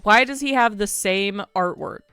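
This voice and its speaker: A woman chatting casually while she streams a game, quick to laugh and poke fun at herself. Her voice sits in a middling register, and the sound is dry and close with faint music behind her. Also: medium pitch, a bit bright, clear, resonant tone, no room sound. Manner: laughing, self-mocking.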